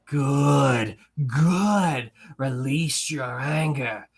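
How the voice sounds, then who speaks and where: A man's voice: gravelly, husky, exaggerated voice. A man doing a hissing evil old emperor. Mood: menacing. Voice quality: slow, hissing half-whisper, lower than his own voice. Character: sinister old male galactic emperor, gloating. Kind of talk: livestream impression.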